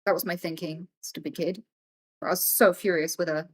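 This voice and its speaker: A woman's voice: lowish voice, moderate pace, slightly rough. A woman live-streaming from home, telling a casual story to her chat in an emphatic way, with plenty of swearing. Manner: emphatic and swearing, animated as she tells a story.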